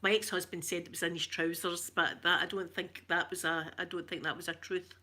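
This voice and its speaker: A woman with a broad Glaswegian accent hosts a casual chat with her viewers. Her voice is bright and sharp, and she wanders from story to story with easy, self-mocking laughs. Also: lowish voice, little pitch movement, brisk. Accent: Glaswegian Scottish. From Glasgow, Scotland. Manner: rambling and chatty, laughs often, self-mocking. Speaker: ASMR channel host reading viewer comments.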